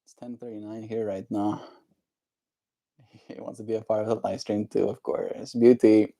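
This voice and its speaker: Gentle, encouraging man streaming live. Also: lowish voice, fairly even intonation, normal speed, vocal fry. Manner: gentle, encouraging, talks straight to viewers. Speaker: livestreamer. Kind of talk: casual livestream chat reading viewer comments.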